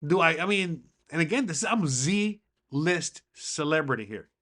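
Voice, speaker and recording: A man's voice: on the high side, expressive, unhurried, fairly bright tone. A man hosting a podcast in a casual monologue, rambling and swearing, with lots of fillers. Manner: rambling, profane, heavy on fillers. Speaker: podcast host.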